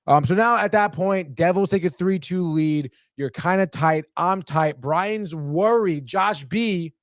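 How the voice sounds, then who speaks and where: A man hosting a sports podcast, breaking down game highlights in an excitable, profane way and saying "dude" constantly. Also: dry recording, clean studio sound.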